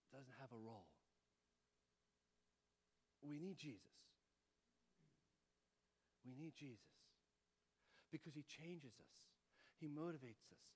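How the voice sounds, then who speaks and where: A middle-aged male pastor preaching a sermon, telling family stories and mimicking his children in a high voice. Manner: animated storyteller, mimics his kids in a high voice. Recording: long hall reverb.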